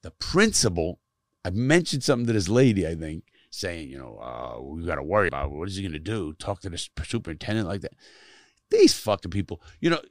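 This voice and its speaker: A middle-aged man with a low voice, recorded dry in clean studio sound, is a guest telling stories from his life in casual conversation. A former prisoner who speaks to youth, he's blunt and emphatic and curses often to stress his points.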